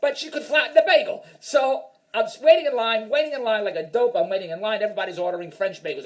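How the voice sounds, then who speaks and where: A man's voice: sits high, quick pace, few pauses. A man telling a rambling, self-mocking stand-up story in an exasperated rant. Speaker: stand-up comedian.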